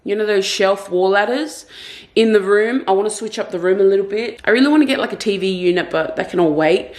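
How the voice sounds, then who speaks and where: A woman's voice: medium pitch, fairly quick, a little mellow. Chatty young woman vlogging at home. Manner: chatty, rambling, self-aware. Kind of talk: casual vlog chat. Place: bedroom at home.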